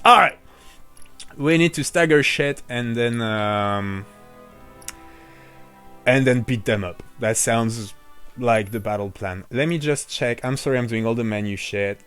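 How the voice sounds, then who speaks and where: A man streaming a video game, chatting casually and joking with his viewers in an excitable, bantering way. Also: medium pitch. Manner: excitable, jokey banter with chat.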